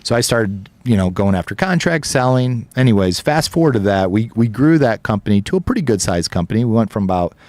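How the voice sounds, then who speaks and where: A man's voice: on the low side, expressive, brisk, few pauses, darkish tone, no echo. A man guesting on a podcast interview, telling a long story in a casual, rambling way with the odd swear word. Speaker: podcast guest, business co-owner.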